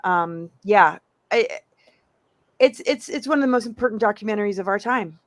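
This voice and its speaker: Effusive halting woman guest. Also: medium pitch, lively intonation, dry recording. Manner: effusive, halting, full of praise. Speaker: roundtable guest. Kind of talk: casual roundtable chat.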